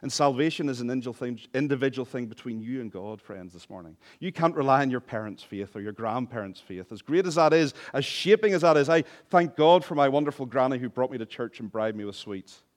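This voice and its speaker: A man preaching a sermon as pastor, passionate, swinging between hushed and loud, with humorous asides. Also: mid-range voice, expressive, quick pace, few pauses.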